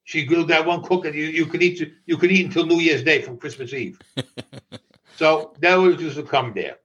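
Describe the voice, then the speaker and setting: Older New man, animated storyteller. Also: a little high, moderate pace, dull audio. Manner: animated, laughing, swearing freely. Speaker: interviewee. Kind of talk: storytelling in conversation.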